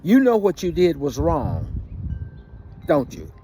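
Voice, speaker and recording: A man voicing a stern older sheriff grandfather who lectures slowly and commandingly. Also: fairly high pitch, huge pitch swings, mellow, a little hiss or hum, full character voice.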